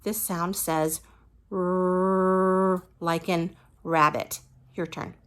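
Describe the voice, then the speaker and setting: Slow, patient woman teaching phonics. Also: fairly low pitch, steady tone, fairly bright tone. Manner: slow, patient, encouraging, models each sound. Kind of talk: phonics lesson for young children.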